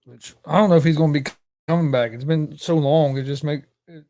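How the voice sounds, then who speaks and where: A young man co-hosting a casual sports talk show, halting and repeating himself as he starts his sentences. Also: a little high, steady tone, mellow. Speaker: co-host.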